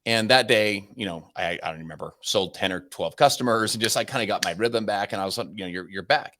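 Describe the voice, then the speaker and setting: This man in his forties, appearing as a podcast guest, is a fast talker with a lowish voice. He recounts a story in a lively, chatty way, frequently starting over mid-thought.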